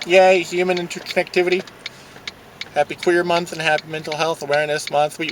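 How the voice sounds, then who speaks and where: A man vlogging from his car in a parking lot, ranting sarcastically and swearing, breaking into mocking high yells. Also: a little hiss or hum. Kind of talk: casual vlog ranting while driving.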